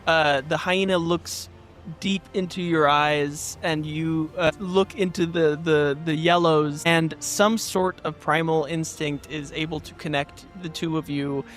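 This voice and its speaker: A man's voice: fairly high pitch, steady tone, measured pace, a bit bright, faint music behind. A man narrating a tabletop game as game master, casual and laughing often.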